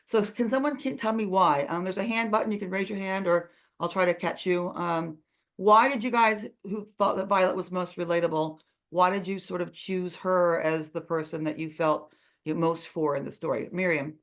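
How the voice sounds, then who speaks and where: A woman's voice: lowish voice, steady tone, normal speed, a bit bright. A woman hosting an online book club discussion over a video call, chatty and full of fillers.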